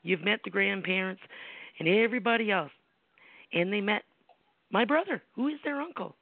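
Gravelly-voiced woman on a tinny phone line. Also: mid-range voice, expressive, moderate pace, dry recording, faint music behind. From United States. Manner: blunt, salty and emphatic, with rhetorical questions. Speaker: psychic medium host. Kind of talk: casual personal storytelling on a call-in show.

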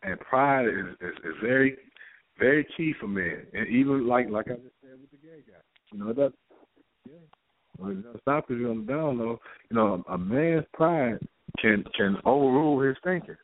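A man's voice: mid-range voice, normal speed. A man, a guest playwright chatting casually on a talk show and acting out the people in his stories. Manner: animated storyteller, acting out quoted characters. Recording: tinny phone-line audio.

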